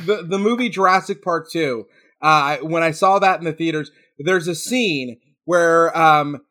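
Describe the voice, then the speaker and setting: High, bright, indignant storyteller man. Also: a little slow. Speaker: podcast co-host. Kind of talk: casual chat, storytelling.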